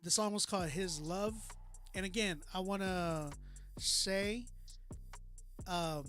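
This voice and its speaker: A man's voice: high-pitched, takes it slowly, fairly bright tone. A man hosting a live music review stream, talking in a loose, emphatic casual way and often asking "you know what I'm saying". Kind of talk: casual live critique chat.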